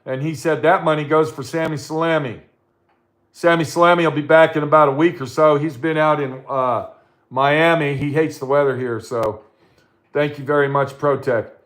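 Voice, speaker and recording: A middle-aged man rants straight to his audience in a casual vlog, swearing freely and stumbling through fillers as he goes. His voice sits a little higher than most men's. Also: fairly even intonation, a bit bright. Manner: profane, blunt and ranting; halting, with many fillers. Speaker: vlogger. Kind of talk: casual ranting monologue.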